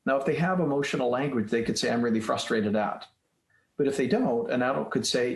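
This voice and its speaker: A man's voice: medium pitch, a little fast, gravelly. A man being interviewed on a podcast as a guest author, explaining ideas step by step like a teacher. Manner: explanatory, teacherly, walks through steps. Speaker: guest author, child psychologist. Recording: roomy echoey room sound.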